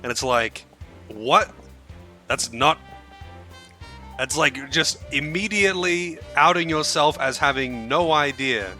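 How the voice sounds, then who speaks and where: Young Australian man, casual game commentary, rambling, swears, bright tone. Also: on the high side, a little slow, soft background music. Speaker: streamer.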